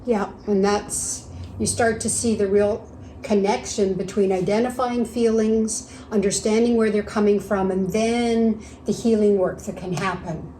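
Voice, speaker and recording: A woman talks reflectively and earnestly, often slipping in short words of agreement. Her voice is mellow and warm at a middle pitch. The recording carries a room echo and a faint background hum. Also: fairly even intonation, measured pace. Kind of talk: casual conversational discussion.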